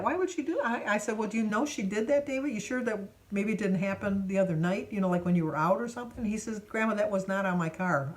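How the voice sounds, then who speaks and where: A woman in her seventies telling a rambling, chatty story in a casual vlog, full of fillers and restarts. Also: on the low side. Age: 70s. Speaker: vlogger.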